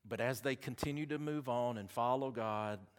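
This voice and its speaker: A man's voice: medium pitch, normal speed, smooth. A man with a Southern accent preaching a sermon, chatty and folksy, with asides between the scripture readings.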